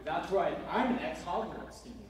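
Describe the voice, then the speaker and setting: A man performing a live comedy magic act on a convention stage, goofy and hyper with sudden bursts of yelling. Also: a little high, lively intonation, normal speed. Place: large convention hall stage. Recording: echoey hall from far off. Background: loud laughing, cheering crowd.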